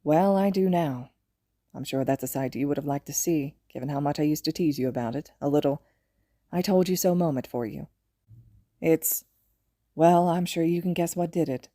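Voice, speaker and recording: A woman voicing a gentle, halting young father. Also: sits low, no echo, clean studio sound. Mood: tender. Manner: soft-spoken, halting, affectionate. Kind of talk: podfic reading.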